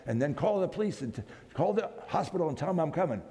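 A man's voice: fairly high pitch, expressive, warm tone, voice pushed up, close to an everyday voice. A man voicing an ordinary good man who speaks urgently and in a rush, inside a story told in a hall. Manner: urgent, hurried.

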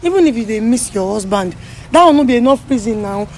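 A woman mediator with a Nigerian Pidgin accent. She speaks calmly, asking questions and telling people to relax. Her voice is a little high, with faint traffic behind it. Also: fast talker. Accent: Nigerian Pidgin English. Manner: calm questioning, repeatedly urging relax. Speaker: host mediating a family dispute.

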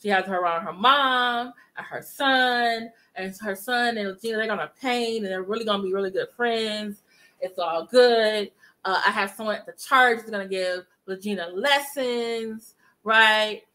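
A woman giving casual gossip commentary to her viewers, chatty and animated as she retells events. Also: medium pitch, normal speed. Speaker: commentary vlogger.

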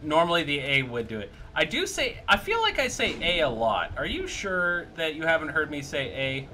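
A man's voice: on the high side, huge pitch swings, moderate pace, pushed and bright, a little hiss or hum. A Canadian man from British Columbia giving casual, joking, self-deprecating gameplay commentary as a streamer, with some swearing. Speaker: game streamer.

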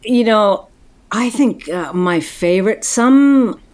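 A woman guesting on a podcast, telling stories in a casual, animated way with frequent laughs. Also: mid-range voice, takes it slowly. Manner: laughing, animated storytelling with put-on quoted voices. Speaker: guest actor.

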